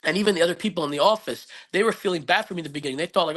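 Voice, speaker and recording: He races along with few pauses, his voice a little high and a bit bright. As a podcast guest he tells an earnest, reflective personal story, rambling and restarting frequently in a casual interview.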